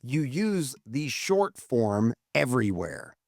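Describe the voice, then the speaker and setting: A man's voice: mid-range voice, big pitch swings, slow pace, a little mellow, no room sound, clean studio sound. A man co-hosting a casual marketing podcast, laying out tips in a blunt, emphatic way and swearing freely. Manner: blunt, profane, emphatic, lays out numbered tips. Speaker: podcast co-host.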